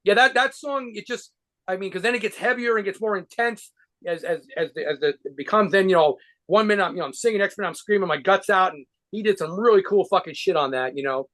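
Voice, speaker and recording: New guy with a highish voice, rambling and cursing through a casual interview, lots of restarts. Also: fast talker, a bit bright. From New York. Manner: rambling, profane, with frequent restarts and laughs. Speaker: guitarist and band leader being interviewed.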